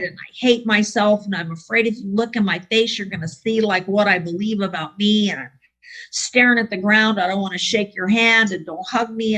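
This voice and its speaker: A woman's voice: mid-range voice, fairly bright tone, poor audio. Wry middle-aged woman telling her recovery story. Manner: wry, self-deprecating humor. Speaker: AA speaker. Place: home, online meeting. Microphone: video call.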